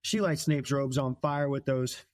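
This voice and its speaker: A young podcast host with a mid-range voice, captured in a dry recording, retells a book in casual chat. He's animated and laughs often, slipping into quick character voices.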